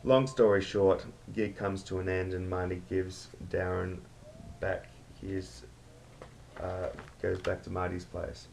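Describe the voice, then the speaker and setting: A man's voice: deep voice, flat delivery, slow, gravelly, darkish tone, a little hiss or hum. A man telling a rambling story with crude slang. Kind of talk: casual storytelling.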